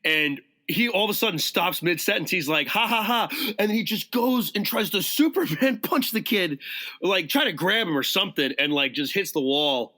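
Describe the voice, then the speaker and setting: Bright-voiced man telling a wild story. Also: sits high, moderate pace. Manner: animated, profane, acts out quotes. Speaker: podcast guest. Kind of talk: casual storytelling chat.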